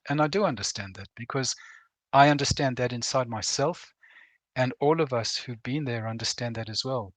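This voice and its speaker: A middle-aged man with a medium-pitched, fairly bright voice speaks earnestly and plainly as a guest on a veterans' program. He reflects on things and acts out short bits of quoted dialogue, and the recording is dry.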